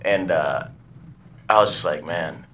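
A man's voice: low-pitched, unhurried, a little hiss or hum. A man co-hosting a casual podcast chat, telling an anecdote and acting out the people in it. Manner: animated storyteller, acts out quoted voices. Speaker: podcast co-host.

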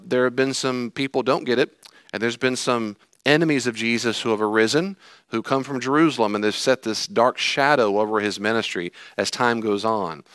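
A man preaching a sermon, animated, acting out quoted figures with sighs and sudden swings up and down. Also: medium pitch, clean tone, no room sound. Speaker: pastor. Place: church hall.

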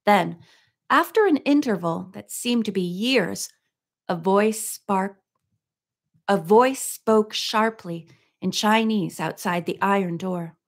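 A woman reads a mystery novel aloud at a steady, even pace. She narrates plainly in a mid-range voice and stays in the telling. Now and then she steps out of the book with a soft, chatty comment. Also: medium pitch, slow, creaky. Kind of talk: reading a book aloud with casual asides.

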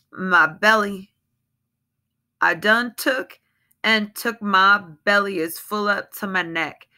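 A woman's voice: lowish voice, bright, forceful tone, heavily acted. A woman voicing a frightened, bitter wife who pleads and accuses in heavy dialect. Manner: pleading, then cold and hard. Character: frightened, bitter Southern washerwoman, adult.

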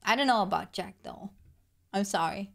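A young woman with a hoarse voice, gushing through an excited video reaction. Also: mid-range voice, normal speed, background noise. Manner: gushing, exclamatory, fangirling. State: hoarse from illness. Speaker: gaming video creator.

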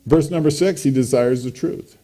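A man's voice: medium pitch, moderate pace, warm tone. A man preaching a sermon in a church, emphatic, with his voice rising on scripture quotes. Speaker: pastor.

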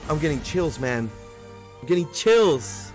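A young man reacting to a video game announcement, exclaiming with excitement and talking to his viewers. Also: fairly high pitch, a little slow, faint music behind. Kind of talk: live reaction commentary.

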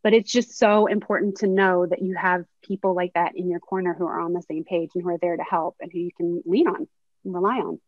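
A woman's voice: on the low side, fairly even intonation, fairly quick, no echo. A woman in her thirties, a sports agent speaking as a webinar guest, telling candid anecdotes in a reflective way. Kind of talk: webinar conversation, storytelling. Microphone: video call. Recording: slightly dull lo-fi video call audio.

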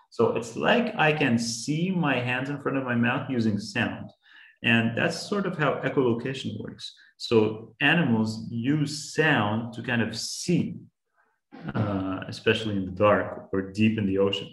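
A man's voice: mid-range voice, unhurried, fairly bright tone, roomy sound, poor audio. A man teaching young students about sound, patiently building simple examples with frequent restarts. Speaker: science educator.

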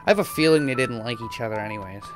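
Talking very fast at medium pitch, a spectator riffs on someone's gameplay, laughing, wandering off topic and swearing in fun while the game music plays.

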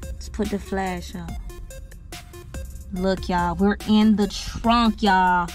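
A woman's voice: mid-range voice, fairly even intonation, slow, faint music behind. A woman hosting a couple vlog from inside a car trunk, talking in slangy, hyped bursts to her viewers on a close GoPro. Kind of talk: casual vlog talk to viewers. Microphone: GoPro camera held close.

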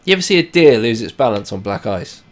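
A man giving rambling, self-mocking let's play commentary that breaks into loud, excited yells and swearing. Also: mid-range voice, fast. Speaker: gaming channel host.

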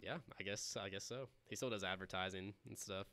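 A young man from the Midwest with a smooth radio voice, chatting casually as a podcast host and laughing often. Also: low-pitched, fairly quick. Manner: laughs often, relaxed storytelling. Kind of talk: casual chat.

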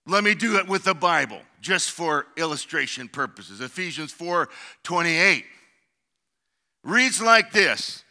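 A middle-aged man preaching a sermon as pastor, building to shouted emphasis and calling out to the congregation. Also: on the high side, animated, a little slow. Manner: preaching with rising shouted emphasis and call-outs.

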